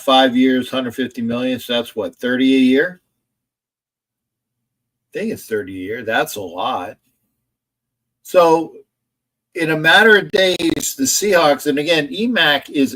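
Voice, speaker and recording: A man's voice: mid-range voice, animated, measured pace, pauses often, a bit bright. A man hosting a casual live stream about football, rambling, reading chat messages aloud and arguing back at them from a home setup in front of a camera. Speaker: sports streamer.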